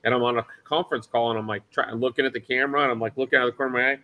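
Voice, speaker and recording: Casual male co-host, bright and forceful, animated storyteller. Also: mid-range voice, racing. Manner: animated storyteller, swears freely. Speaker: livestream co-host. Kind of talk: casual chat.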